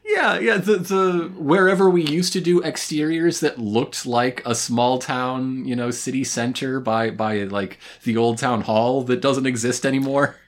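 A woman's voice: a bass voice, steady tone, a little slow, few pauses. A woman co-hosting a casual recap chat, wry and profane, laughing often. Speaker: podcast co-host.

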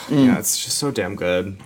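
A man's voice: lowish voice, takes it slowly, slight background noise. A man chatting casually on a beer podcast, laid-back and blunt, swearing freely.

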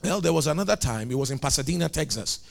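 Guy preaching, high voice, swings all over the place, kinda gravelly, shouts the big lines. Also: quick pace. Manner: animated preaching with shouted climaxes and acted dialogue. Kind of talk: sermon.

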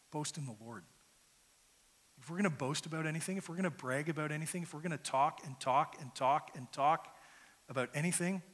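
A man's voice: fairly high pitch, fairly bright tone, breathy edge. A man preaching a sermon as pastor, earnest and conversational, often repeating words as he starts a phrase. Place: church sanctuary. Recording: long hall reverb.

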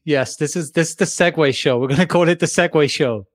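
A man's voice: a little high, fairly quick, no echo, studio quality. Joking man hosting a podcast. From Spain. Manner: joking, mock sponsor plugs. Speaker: podcast host. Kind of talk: casual chat.

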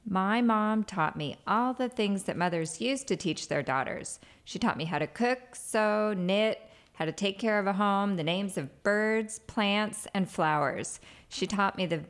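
A middle-aged woman reading a prepared tribute in an earnest, steady way. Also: mid-range voice, clean tone. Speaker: caller sharing a tribute.

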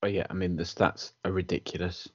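A man's voice: deep voice, flat delivery, brisk, lo-fi sound. A man co-hosting a football podcast, steadily reeling off statistics. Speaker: podcast co-host. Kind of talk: casual football chat.

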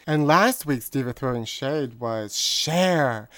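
Sassy gossipy guy hosting a comedy show, mid pitch, dry sound. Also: expressive, slow, a bit bright, no echo. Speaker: co-host. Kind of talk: casual comedy chat.

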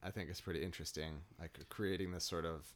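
A man's voice: low voice, steady tone, fast. A man in a casual film chat, speaking hesitantly and searching for words.

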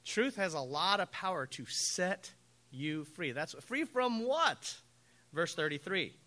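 A man preaching a sermon as pastor, telling stories with animated acted-out quotes. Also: high voice, slow. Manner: animated storytelling, acts out quoted voices.

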